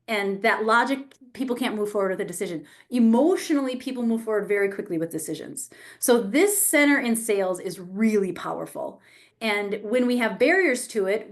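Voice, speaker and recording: Expressive woman coaching on sales. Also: fairly high pitch. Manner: expressive, emphatic, with acted example phrases. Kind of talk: online masterclass teaching.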